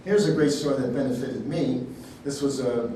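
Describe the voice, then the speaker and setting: A man teaching a sermon, telling personal stories in a folksy, animated way. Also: medium pitch, normal speed, a little hiss or hum. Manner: storytelling, animated, folksy asides. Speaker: healing ministry teacher. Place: church hall. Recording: echoey hall, speaker far from the mic.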